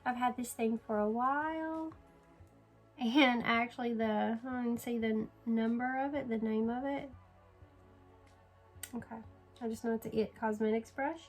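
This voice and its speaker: A woman's voice: on the high side, fairly even intonation, moderate pace, long pauses, faint music behind, rough recording. A woman filming a casual makeup tutorial at home, chatty and sleepy, yawning and apologizing as she talks. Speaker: beauty vlogger.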